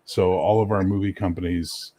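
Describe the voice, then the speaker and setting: A man's voice: low-pitched, normal speed, no echo. A man from Canada chatting casually on a podcast, telling stories with lots of swearing and acting out what people said. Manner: storytelling, animated, swears freely, acts out quotes. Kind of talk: casual chat.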